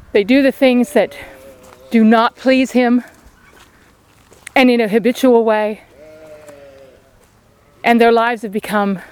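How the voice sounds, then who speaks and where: A woman's voice: on the high side, smooth. A woman giving an outdoor devotional sermon beside a sheep paddock, in an earnest, pleading way of exhorting. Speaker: lay preacher.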